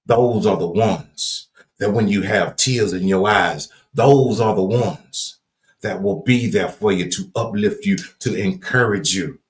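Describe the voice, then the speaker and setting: A man's voice: measured pace, echoey room. A man from Louisiana with a Southern accent hosting a livestream, giving an earnest, preachy motivational talk with folksy, repeated phrases. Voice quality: deep, folksy, repetitive cadence. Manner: emphatic and earnest, builds to raised emphasis. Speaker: livestream host.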